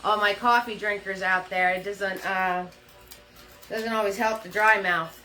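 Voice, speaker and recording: Bright, chatty New Jersey woman. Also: mid-range voice, fairly even intonation, a little slow, faint music behind, low-quality recording. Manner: chatty, laughs often, greets viewers by name. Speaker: painting instructor. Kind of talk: live painting class.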